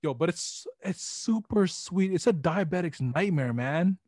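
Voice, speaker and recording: Slangy young man with a higher voice. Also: lively intonation, measured pace, darkish tone, no room sound, clean studio sound. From Filipino family background. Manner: slangy, swears freely, frequent restarts. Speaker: podcast host. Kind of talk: casual chat.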